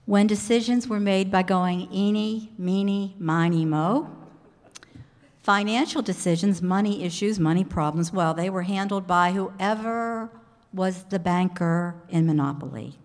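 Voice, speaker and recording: A woman pastor preaching a sermon in a church sanctuary, telling stories in a measured way with pauses. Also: mid-range voice. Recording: echoey hall reverb.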